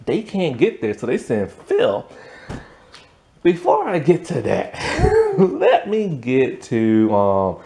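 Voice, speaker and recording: Animated young man recapping a sitcom. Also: mid-range voice. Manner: animated storytelling, lots of fillers, laughs often. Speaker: TV episode reviewer. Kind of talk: casual spoken recap.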